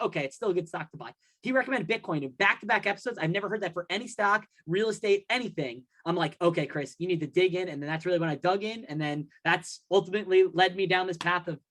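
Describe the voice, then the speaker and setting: A man's voice: high voice, sharp tone. A man hosting a podcast, telling a long story in a rambling way. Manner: rambling storyteller, acts out his own thoughts. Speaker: podcast host. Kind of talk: casual podcast chat.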